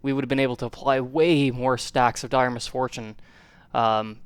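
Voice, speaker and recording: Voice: medium pitch, fairly even intonation, normal speed, clear, resonant tone, dry recording. A gameplay commentator reacting with panicky outbursts and nervous laughs, counting attack timings aloud and catching their breath afterward. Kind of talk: live gaming commentary.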